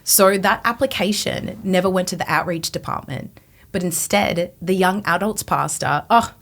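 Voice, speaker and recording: A woman in her twenties, a podcast guest, telling her personal testimony in an animated way, acting out her past thoughts. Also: on the low side, normal speed. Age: 20s.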